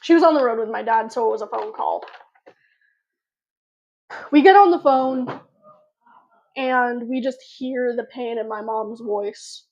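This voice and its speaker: A fairly high-voiced woman talks slowly through a personal story for her channel. She rambles, loops back and restarts her sentences. The recording is dull and lo-fi. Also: darkish tone. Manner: rambling, filler-heavy, frequent restarts. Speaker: vlogger. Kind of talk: casual storytelling to camera.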